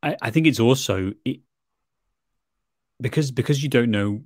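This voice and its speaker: A man's voice: medium pitch, moderate pace, no room sound, clean studio sound. A man reflecting on a film in casual chat, thoughtful, often restarting, and sweary.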